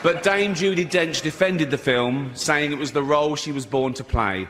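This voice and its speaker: A man doing a stand-up routine, mocking and animated, with sweary asides. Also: on the high side, moderate pace. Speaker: stand-up comedian. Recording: stage mic in a reverberant venue, faint noise.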